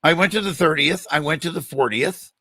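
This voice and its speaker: Older guy hosting a chat, bright forceful voice, dry close mic, acts out the quotes. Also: a little high, a little fast, slightly rough, no echo. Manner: animated storyteller, acts out quoted dialogue. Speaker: podcast host. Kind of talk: storytelling in a casual interview.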